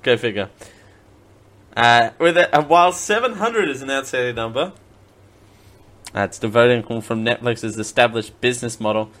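A man's voice: medium pitch, normal speed, long pauses, fairly bright tone. A man hosting a casual comedic live stream, laughing often and making silly mouth sound effects. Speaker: live-stream show host.

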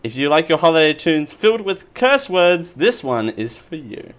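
A man hosting a casual podcast and reading quiz questions, playful and quick to laugh. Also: fairly high pitch, big pitch swings, fairly bright tone. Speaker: quiz host.

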